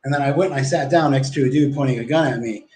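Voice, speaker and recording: Man, mid-pitch, rambling foul-mouthed livestream storyteller, roomy echo. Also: fast talker, a little mellow, slight background noise. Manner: rambling, profane, acts out quoted exchanges. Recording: echoey room.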